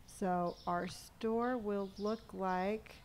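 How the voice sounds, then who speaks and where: A woman's voice: mid-range voice, fairly even intonation, drawn-out words, noisy background. A woman streaming a game live, chatting casually, thanking viewers for gifts, answering chat questions, and humming or counting money under her breath as she plays.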